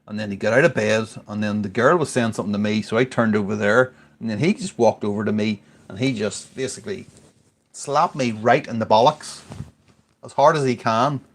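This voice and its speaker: Man, forties, tipsy, rambling, sweary, casual chat, lower pitch. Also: fairly quick. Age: 40s. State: tipsy from drinking beer. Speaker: podcast regular.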